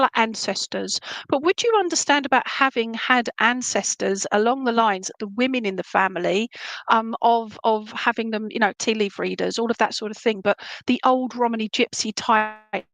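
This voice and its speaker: Woman, psychic medium, live reading, rambling, affectionate, fairly high voice, dry close mic. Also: dry recording, poor audio. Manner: warm endearments, rambling, frequent "would that make sense?" check-ins. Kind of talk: live-stream reading, chatty and direct to one viewer.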